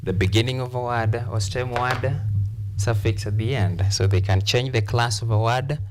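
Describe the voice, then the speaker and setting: A man teaching an English lesson on word stress, explaining slowly and repeating key points for his class. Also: medium pitch, a little hiss or hum. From Kenya. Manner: slow, repetitive, deliberate explanation.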